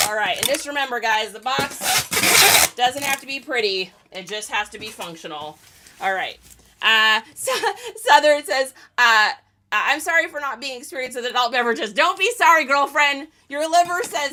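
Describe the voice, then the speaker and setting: A woman's voice: high voice, expressive, normal speed, pushed and bright, a little hiss or hum. A woman, chatting casually with viewers on a live stream as she packs items to ship. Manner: chatty, talks to viewers and reads their comments. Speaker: reseller live-streaming while packing orders.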